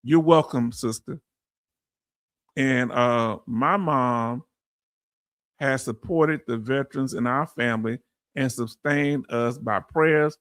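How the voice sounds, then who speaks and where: A man's voice: medium pitch, no room sound, studio quality. Emotional man hosting a livestream. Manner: emotional, reads chat comments aloud, shouts out to viewers. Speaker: livestream host. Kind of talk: casual livestream chat.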